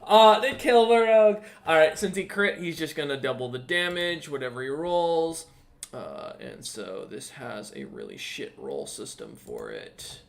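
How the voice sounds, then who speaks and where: A man's voice: mid-range voice, very animated, vocal fry, a bit bright. A man running an online tabletop game as dungeon master, talking casually with lots of ums and uhs and the odd curse. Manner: casual, profane, halting with many ums and uhs.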